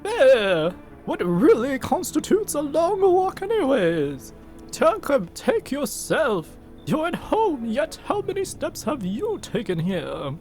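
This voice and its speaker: A chatty, sly old lady in a video game, coaxing a stranger to let her rest. Her high voice swoops in a sing-song, drawn-out way at an unhurried pace. Faint game music sits behind her. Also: a little mellow, full character voice. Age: older.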